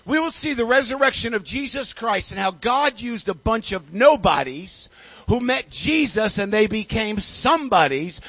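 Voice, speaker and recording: A male pastor preaching a sermon with call-and-response, building up to shouting. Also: high-pitched, expressive, normal speed, breathy edge, no room sound, lo-fi sound.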